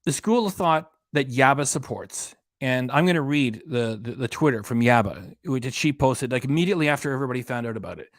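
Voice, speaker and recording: A man's voice: mid-range voice, lively intonation, fairly quick, few pauses, dry recording, clean studio sound. A man hosting a reaction channel, ranting in an indignant, emphatic way and hammering home his points. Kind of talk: casual commentary rant.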